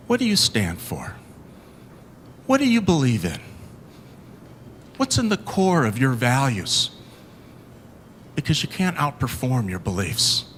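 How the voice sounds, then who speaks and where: A man giving a motivational keynote, telling stories dramatically, swinging from loud to hushed. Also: medium pitch, slight background noise. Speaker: motivational speaker.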